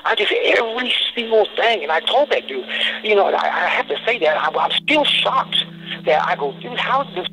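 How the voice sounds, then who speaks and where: Worked-up guy ranting about his case, lots of restarts, pitch on the high side. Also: lively intonation, normal speed, gravelly, bright, forceful tone, slight background noise, low-quality recording. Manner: agitated, with many restarts. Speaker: criminal defendant. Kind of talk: heated monologue.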